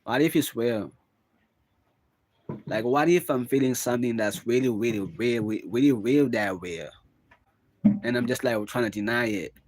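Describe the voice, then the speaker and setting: A man's voice: medium pitch, moderate pace, pauses often, darkish tone. A young man vlogging in a casual confessional monologue, rambling and musing, with constant fillers. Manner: rambling, musing, full of "like" and "bro".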